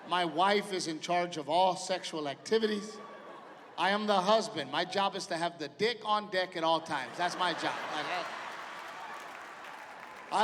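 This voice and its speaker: A middle-aged man doing stand-up comedy in a theater with brash, profane storytelling and acted-out quotes. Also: high-pitched. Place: large theater stage with a live audience. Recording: live hall reverb, audience noise.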